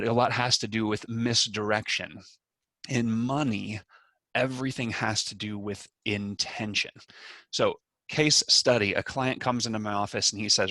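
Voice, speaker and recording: A man who is a financial planner, giving an energetic storytelling presentation on a video call. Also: mid-range voice, dry recording. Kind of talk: webinar presentation.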